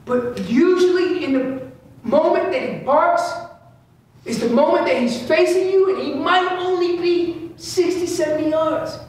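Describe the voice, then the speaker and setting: Man teaching elk calls in an echoey hall. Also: very high voice. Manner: repeats key phrases, voices what elk think, casual slang. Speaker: elk-calling seminar instructor. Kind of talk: informal hunting seminar talk. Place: large indoor store seminar space. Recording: echoey room, speaker far from mic, faint hum.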